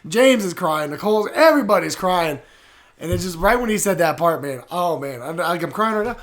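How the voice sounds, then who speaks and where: A man's voice: sits high, animated, a little fast, fairly bright tone. A man co-hosting a casual movie talk stream, talking emotionally and repeating himself. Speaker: movie podcast co-host. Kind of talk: casual chat reacting to a movie.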